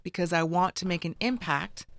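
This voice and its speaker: A woman's voice: on the low side, moderate pace, no room sound. A middle-aged American woman telling stories as a guest in a casual chat, acting out the people she quotes. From United States. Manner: storytelling, acts out quoted voices.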